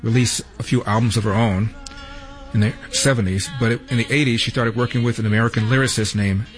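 Wry talk radio host, faint music. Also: male voice, medium pitch, fairly even intonation, fairly quick. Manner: wry, sarcastic asides. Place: radio studio. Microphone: studio microphone.

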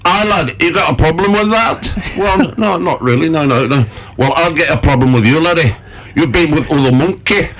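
A man's voice: fairly high pitch, fairly quick, hardly any pauses, fairly bright tone, voice pushed up. A man voicing a jealous male monkey puppet with a put-on northern English accent. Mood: gruff. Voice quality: gruff, bossy, repeats "laddie".

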